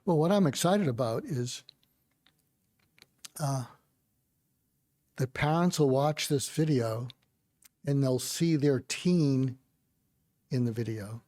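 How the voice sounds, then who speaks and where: Older man telling a gentle story. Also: medium pitch, slow, pauses often, no room sound, clean studio sound. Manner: gentle, reflective storytelling with soft quoted asides. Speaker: psychiatrist guest. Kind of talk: storytelling in conversation.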